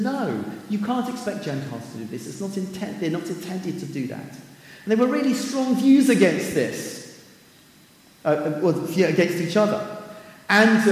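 A man preaching a sermon in a relaxed, chatty way, breaking into scripture quotations and little asides. His voice sits a touch higher than most men's. It rings out through a large echoing hall with a long reverb tail. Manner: conversational, with fillers and asides, quoting scripture. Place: church hall.

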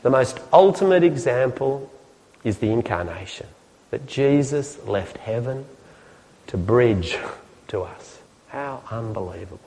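A man delivers a sermon in a bright, fairly high voice that swings widely up and down. He talks in a chatty way and keeps drawing the congregation in with questions. His voice rings with a long reverb from the hall around him. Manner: lively, chatty, asks the audience questions. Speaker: preacher. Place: church hall with audience.

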